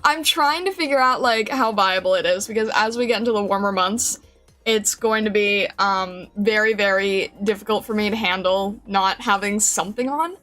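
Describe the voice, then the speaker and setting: A woman with a medium-pitched, fairly bright voice streams from a home room with a fan, using a noise-filtered desk mic. Over soft background music she talks at a moderate pace, bubbly and giggly, greeting chat viewers by name.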